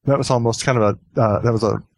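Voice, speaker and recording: A man's voice: mid-range voice, steady tone, quick pace, no room sound. Chatty man hosting a podcast. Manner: chatty, repeats himself, laughs often. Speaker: podcast host. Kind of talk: casual podcast chat.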